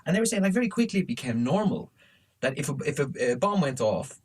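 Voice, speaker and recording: A man's voice: fairly high pitch, fast talker, breathy edge. A man co-hosting a podcast, telling funny anecdotes in casual chat and swearing often. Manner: animated anecdotes, heavy swearing. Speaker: podcast co-host.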